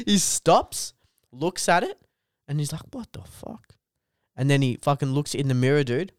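A man's voice: on the high side, unhurried, no echo, studio quality. A young Australian man telling a rambling, sweary story on a podcast, saying dude constantly and laughing as he goes. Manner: animated, laughs through own story. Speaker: comedian guest.

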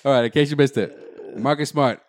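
A man's voice: mid-range voice, steady tone, brisk. A man hosting a casual sports podcast, rambling and restarting his sentences. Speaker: podcast host.

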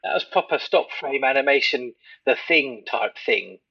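A man with a husky voice, giving dry, opinionated takes in a casual film chat. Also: medium pitch, lively intonation, normal speed, no room sound, lo-fi sound.

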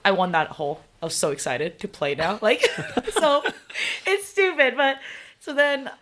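Loud, animated woman telling stories. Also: a little high, unhurried. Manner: loud, animated, laughs often, acts out quotes. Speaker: professional golfer, podcast guest. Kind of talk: casual interview storytelling.

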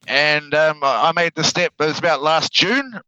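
Man, New Zealand accent, casual podcast guest, bright tone, dull lo-fi sound. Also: on the high side, lively intonation, normal speed, clean tone. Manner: laid-back, swears freely, repeats words while thinking. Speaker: guest, heavy equipment operator.

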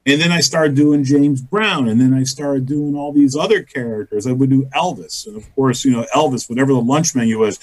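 A man's voice: mid-range voice, a little fast, few pauses, darkish tone. A male stand-up comedian telling a story in casual chat, acting out quotes and laughing often. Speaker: guest comedian and voice actor.

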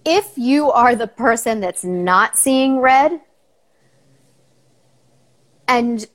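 A woman's voice: on the high side, animated, very slow. A middle-aged woman, a psychologist guest, giving practical advice in a casual podcast chat, joking at times and then turning earnest.

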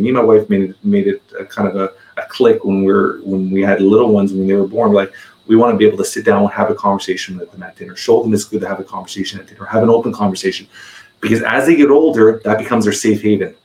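Fast-talking man telling a family story. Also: on the low side, steady tone, darkish tone, roomy sound, poor audio. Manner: rambling, repeats words while building a story. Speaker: podcast guest. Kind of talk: casual storytelling in conversation.

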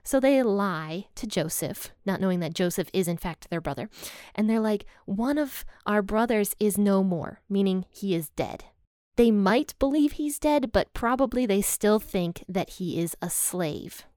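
Brief: female podcast host, mid-pitched, dry close sound, relaxed storytelling with lots of personal asides. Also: a little slow, no room sound. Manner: conversational, thinks aloud with frequent "I think". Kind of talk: casual Bible story retelling.

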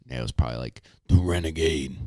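A man hosting a casual podcast, reading sponsor spots in a hyped, slangy way with drawn-out catchphrases. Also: extremely low pitch, warm tone, no room sound, clean studio sound. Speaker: podcast host.

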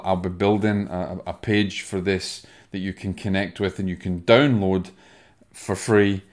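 A man with a Scottish accent hosting a spiritual podcast, calmly guiding listeners through a breathing exercise. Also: deep voice. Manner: soft, soothing, guiding breathing. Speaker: podcast host, medium. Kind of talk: spiritual self-help talk.

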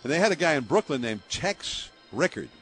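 A fairly high-pitched, brisk male voice belongs to an older baseball broadcaster from the San Francisco Bay Area. He's telling stories in an interview, spinning lively anecdotes full of fillers and laughing often.

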